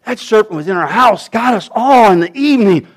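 A desperate dying man cries out for help in a high, strained, shouting voice, as a preacher acts him out. The pleading is loud and frantic, and the voice rises far above the man's usual speaking voice. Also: animated, fairly quick.

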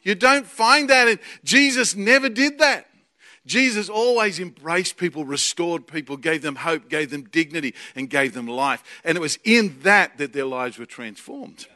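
A man with an Australian accent preaching a sermon, excitable and jokey, swinging from loud bursts to quiet asides. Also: sits high. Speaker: preacher and Bible college teacher.

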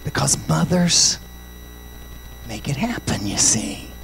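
A male pastor preaching a sermon, swinging from shouted, sing-song passages to quiet, confiding stories and dropping in "amen" and "praise God" often. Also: medium pitch, sing-song, takes it slowly, creaky, a little hiss or hum, poor audio.

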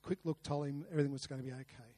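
A man's voice: mid-range voice, fairly even intonation, rapid-fire, mellow, no echo. A man preaching a sermon, earnest, with rhetorical questions and repeated words. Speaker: pastor. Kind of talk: sermon with a told story.

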